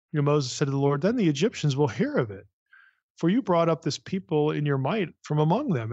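A man's voice: medium pitch, darkish tone, no room sound, highs cut off. Man teaching the Bible, conversational. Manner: conversational, many "you know" fillers, reads scripture aloud. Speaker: podcast host teaching the Bible.

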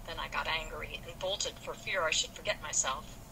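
Indignant sulky young guy from an old novel, read by a woman, lowish voice, noisy recording. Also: steady tone, normal speed, vocal fry. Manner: indignant, defensive. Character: male youth, proud and sulky.

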